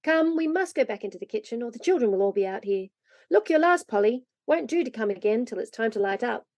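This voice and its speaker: A woman voicing a practical older brother who speaks calmly and reassuringly. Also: fairly high pitch, quick pace, no room sound.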